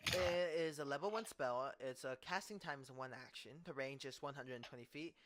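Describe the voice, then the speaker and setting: A man's voice: mid-range voice, fairly quick, background noise. A young man running a tabletop game as game master, casual and swearing, stumbling over words. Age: young adult.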